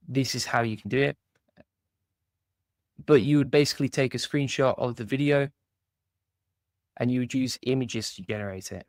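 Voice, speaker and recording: Casual British man walking through software. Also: mid-range voice, no room sound, studio quality. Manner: casual step-by-step walkthrough, frequent "right?" and "basically". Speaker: course instructor. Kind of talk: screen-recorded software tutorial.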